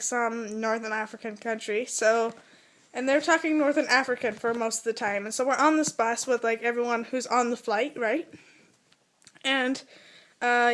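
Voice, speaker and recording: American girl telling a story to the camera, high voice, lots of "like", animated and giggly. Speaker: vlogger. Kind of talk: casual storytelling.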